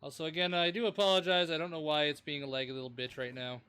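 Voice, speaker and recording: A man's voice: medium pitch, fairly even intonation, quick pace, bright, forceful tone, smooth. A man streaming a survival game, chatting casually and teasing his co-player. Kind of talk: casual gaming chat.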